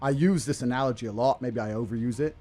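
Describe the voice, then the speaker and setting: Brief: brash male speaker, quick and blunt, motivational clip with soft music under it. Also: medium pitch. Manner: blunt, forceful, swears, acts out quoted lines. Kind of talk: motivational advice clips.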